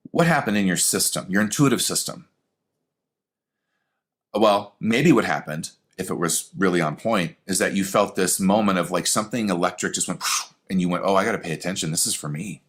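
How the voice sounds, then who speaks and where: A man giving a spoken lesson on intuition, animated and conversational, talking straight to the listener. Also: low-pitched, normal speed. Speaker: spiritual teacher. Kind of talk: teaching lesson.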